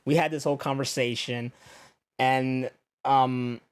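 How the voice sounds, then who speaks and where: A man's voice: medium pitch, unhurried, clean tone. A young man hosting a podcast, ranting casually with lots of swearing and acting out what other people said. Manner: animated, profane, acts out others' lines. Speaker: podcast host. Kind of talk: casual storytelling rant.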